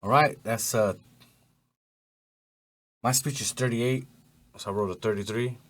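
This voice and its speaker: A man's voice: medium pitch, unhurried. A man at a tabletop game talking tough in character. He is brash and swears freely. His voice sits in the middle range. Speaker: player. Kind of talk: tabletop role-play in character.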